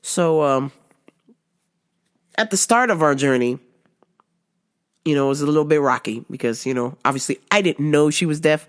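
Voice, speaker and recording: A woman's voice: low-pitched, moderate pace, pauses often. A woman hosting her show, telling a comic story in casual chat, profane and laughing often. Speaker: show host.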